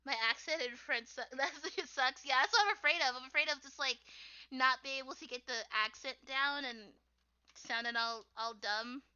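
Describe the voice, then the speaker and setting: A young American woman from the United States, an artist streamer, chats casually while drawing on stream, rambling and giggling with plenty of fillers. Her high voice moves at a moderate pace and sounds sharp, clear and resonant. The stream audio is dull and lo-fi.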